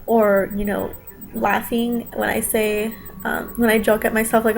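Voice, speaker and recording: A woman's voice: fairly high pitch, unhurried, gravelly, a little hiss or hum, poor audio. A young woman vlogging from home, talking straight to her viewers in a defensive, emotional rant, close to tears at times. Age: young adult.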